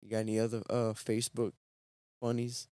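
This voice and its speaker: A man's voice: lowish voice, completely flat delivery, fairly quick, warm tone, no echo, clean studio sound. Teasing young man on a podcast. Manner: teasing, joking, swears casually. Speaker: podcast co-host. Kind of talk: casual banter.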